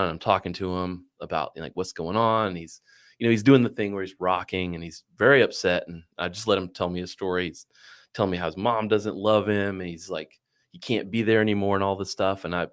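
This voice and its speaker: A middle-aged man telling a long story casually, animated, swearing and acting out what others said. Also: deep voice. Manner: animated, swearing, acts out quoted voices. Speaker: podcast guest.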